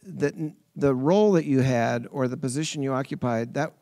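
A man co-hosting a podcast, building a reflective point in a conversational way with quick restarts. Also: medium pitch, dark tone, dry recording, studio quality. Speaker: podcast co-host. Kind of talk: conversational interview.

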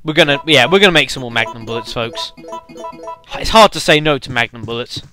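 A man giving casual, chatty let's play commentary, speaking to viewers as folks with lots of halting fillers. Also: medium pitch, animated, pushed and bright, faint music behind.

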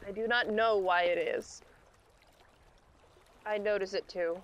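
A woman's voice: medium pitch, steady tone, dull audio, a little hiss or hum, natural voice. A woman playing a weary, parched castaway. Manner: weary, slow, mournful. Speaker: actor playing the businesswoman. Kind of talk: outdoor stage acting. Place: outdoor marina platform.

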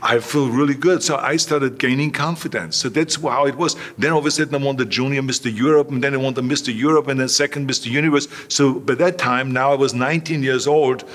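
A man's voice: medium pitch, fast talker, few pauses. Older guy from austria, interview guest telling stories, does the voices of people he quotes. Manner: animated anecdotes, acts out quoted voices. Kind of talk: storytelling in a relaxed interview.

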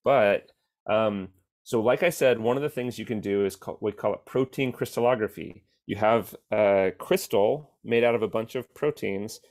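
A man who works as a beamline scientist, giving a relaxed, plain-spoken talk with frequent ums on a video call. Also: lowish voice. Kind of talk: casual explanatory talk.

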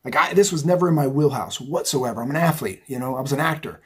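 A middle-aged psychic tarot reader gives a casual, chatty reading in a rambling monologue, often ending lines with "right?" and "okay?". His mid-range voice is fast and has a breathy edge.

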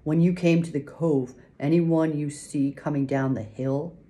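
A woman voicing Sam, a terse, wary boatman who gives clipped, hushed orders, in an audiobook. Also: low-pitched, fairly even intonation, a little slow.

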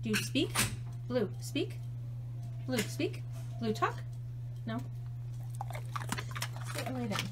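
Speaking slowly with frequent pauses, a woman with a fairly high, very animated voice coaxes a dog outdoors using repeated commands and calls. She works at an animal shelter and films the casual exchange on her phone, with loud background noise.

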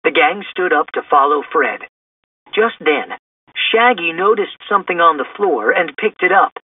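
A man reading a children's storybook aloud in an expressive way. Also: a little high, unhurried, husky, no echo. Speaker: storybook reader. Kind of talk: children's book read-aloud. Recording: distant, tinny phone-like sound.

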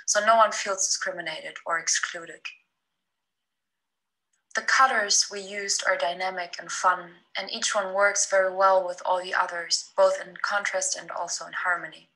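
A woman gives a scripted presentation of a student design project. Her voice is bright, and her reading is steady and explanatory, at a middle pitch. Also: poor audio.

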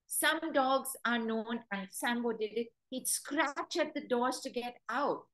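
This dog trainer speaks slowly in a fairly high, fairly bright voice during her webinar talk. She tells stories and voices what the dogs would say as quotes. The recording is rough.

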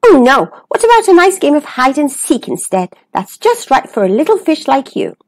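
A woman voicing a gentle, timid sea turtle in a children's storybook, cautious and soft. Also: sits high, sing-song, moderate pace, no echo, clean studio sound, pitched above the performer's own voice.

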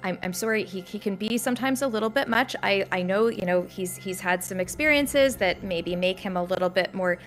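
A man's voice: high voice, fairly quick, few pauses, a bit bright, soft background music. A woman voicing an anxious human husband who pleads nervously and hesitates. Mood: pleading.

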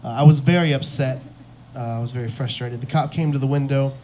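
A man's voice: medium pitch, steady tone, fast, warm tone, a little hiss or hum. A young man doing a stand-up comedy set on a club stage, telling self-mocking stories and acting out the lines of the people in them. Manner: self-deprecating storytelling, acts out quotes.

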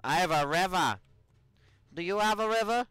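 Excitable young man commenting on gameplay. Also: high voice, normal speed, clear, resonant tone. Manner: loud, swearing, laughing outbursts, mock taunts. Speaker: gaming YouTuber. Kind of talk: excitable let's play commentary.

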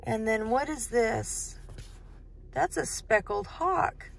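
A woman reading a picture book aloud to young children, speaking slowly in a sing-song way and asking the listener many questions. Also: on the high side, expressive, gravelly, a little hiss or hum. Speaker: children's storytime host.

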